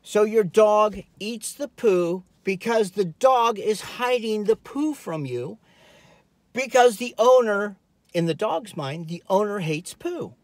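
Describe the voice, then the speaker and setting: A man, a dog trainer, talking casually from a car, animated and rambling as he explains. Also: high voice, slow, no echo. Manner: animated, rambling, acts out scenes. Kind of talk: casual talking-head vlog advice. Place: inside a car.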